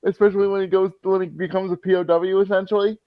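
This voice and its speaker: A man co-hosting a movie reaction show, joking and quoting scenes between bursts of laughter. His voice sits high for a man, and the recording is close and dry with no room sound. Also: flat delivery, fast, no echo, highs cut off. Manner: laughs often, jokes, quotes scenes. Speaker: co-host of a movie review show. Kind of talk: casual reaction chat.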